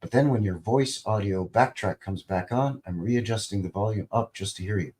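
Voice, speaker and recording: A man with a lowish, warm voice talks at a normal pace while hosting a loose, rambling live stream. He greets viewers, reads their comments out loud and cracks light jokes, keeping it informal with a bit of mild swearing.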